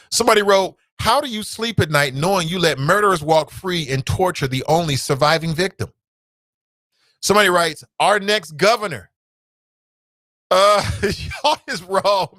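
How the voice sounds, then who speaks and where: A talk show host with an American Midwest accent gives casual commentary in a fairly high voice that jumps all over the place. He laughs easily and swings between loud outbursts and low asides. The sound is close and dry. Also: no echo.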